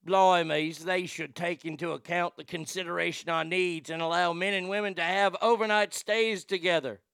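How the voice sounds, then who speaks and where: A man's voice: extremely high pitch, a little slow, gravelly, a bit bright, clean tone, no echo, clean studio sound, pitched above the performer's own voice, exaggerated voice. Man doing a crude mock-British convict woman. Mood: prim. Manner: exaggerated mock British put-on, vulgar.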